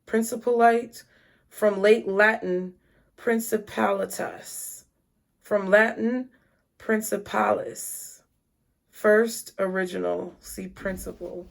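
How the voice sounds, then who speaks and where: A woman's voice: mid-range voice, fairly even intonation, slow, gravelly. A woman giving a casual tarot reading, chatty and blunt, with frequent swearing. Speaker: tarot reader.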